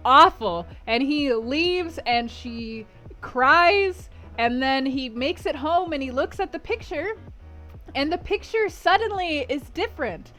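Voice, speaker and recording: A woman's voice: high-pitched, pushed and bright. A woman hosting a book club stream, recapping a novel in a chatty way with lots of fillers.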